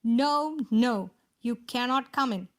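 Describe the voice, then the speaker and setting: A woman's voice: a little high, slow. A woman voicing the giant's wife, a stern, wary woman refusing a stranger. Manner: firm, refusing.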